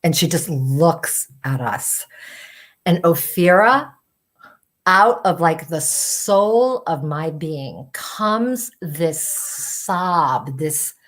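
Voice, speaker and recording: A middle-aged woman telling a personal story in an animated way, full of "like" and "you know" fillers. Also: sits low, very slow. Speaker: storytelling show host.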